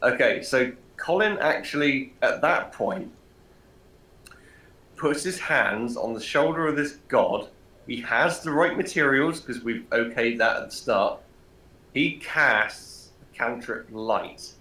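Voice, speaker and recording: A man's voice: mid-range voice, lively intonation, takes it slowly, sharp tone. A man in the middle of a tabletop game talks through his plans eagerly, repeating himself as ideas come. His voice sits mid-range and rings in an echoey room. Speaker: player.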